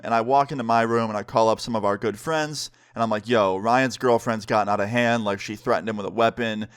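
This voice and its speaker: A man's voice: on the low side, smooth, dry recording, clean studio sound. A young man narrating a storytime vlog in a casual, slangy way, full of "like" and "dude", acting out both sides of each conversation. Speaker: vlogger.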